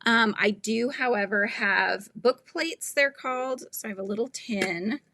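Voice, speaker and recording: A woman's voice: fairly high pitch, measured pace, sharp tone, a little hiss or hum. A woman from the United States, a children's book author chatting casually on a live stream, rambling and laughing often.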